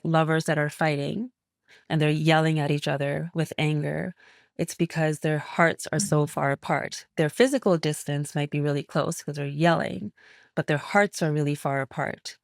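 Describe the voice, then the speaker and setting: A woman's voice: sits low, creaky, darkish tone, no room sound, clean studio sound. A woman naturopathic physician speaking as a guest in an interview, explaining in a reflective, flowing way. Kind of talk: interview conversation.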